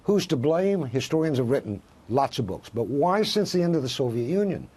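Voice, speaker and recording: Husky, emphatic male professor. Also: medium pitch, big pitch swings, fairly quick, a little mellow. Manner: emphatic, rhetorical questions. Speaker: professor, interview guest. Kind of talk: cable news interview.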